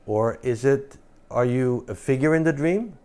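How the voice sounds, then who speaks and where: A man's voice: medium pitch, measured pace, darkish tone, smooth. A man leading an informal spiritual talk, pressing his listeners with repeated questions and emphatic asides. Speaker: spiritual teacher.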